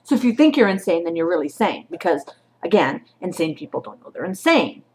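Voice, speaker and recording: A woman with a young son vents casually, cursing freely and swinging from quiet asides to loud outbursts. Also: lowish voice, very animated, brisk, a little hiss or hum. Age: adult with a child. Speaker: vlogger. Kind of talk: casual venting vlog.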